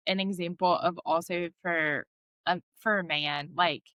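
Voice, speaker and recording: Earnest woman w a bright voice chatting on a podcast, kinda low. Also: fairly even intonation, a little slow, no room sound, muffled recording. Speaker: therapist, podcast guest. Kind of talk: casual podcast chat.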